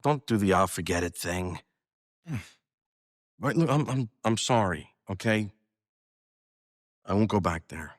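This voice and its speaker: A man's voice: lowish voice, expressive, unhurried, pauses often, no room sound, clean studio sound. An actor playing a grown man who sighs and mourns his lost food in a mock-mournful way.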